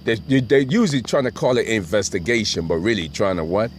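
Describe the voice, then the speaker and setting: A man's voice: on the low side, expressive, brisk. A middle-aged man telling a rambling, profane story and often asking "right?". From Brooklyn, New York.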